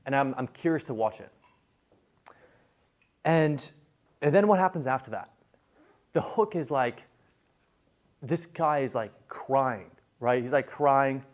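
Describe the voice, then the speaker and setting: A man's voice: a little high, darkish tone. A man giving a casual classroom lecture on viral video, chatty, with many fillers and restarts.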